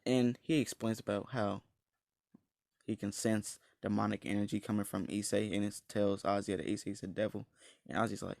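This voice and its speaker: A man's voice: lowish voice, fairly even intonation, moderate pace, vocal fry, a little mellow, dry recording, studio quality. A man casually retelling a fan story, rambling, slangy and blunt, with many restarts and fillers.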